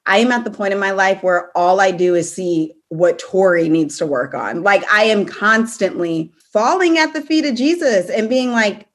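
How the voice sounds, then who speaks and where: A woman's voice: mid-range voice, animated, normal speed, hardly any pauses. A young woman co-hosting a casual faith podcast, talking reflectively and laughing between her thoughts. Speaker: podcast co-host. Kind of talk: faith-based casual chat.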